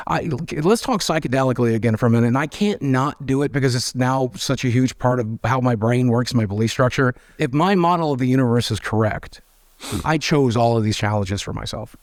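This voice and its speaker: An American man with a mid-range voice, recorded clean in a studio with no room sound, tells candid stories as an interview guest. He's animated, acting out the voices of the people he quotes, and comes across as frank and self-deprecating in this conversational storytelling.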